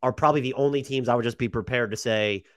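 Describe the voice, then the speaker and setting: A man's voice: mid-range voice, fast talker, fairly bright tone, no room sound, studio quality. A man hosting a podcast chat who steers the talk with questions. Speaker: podcast host.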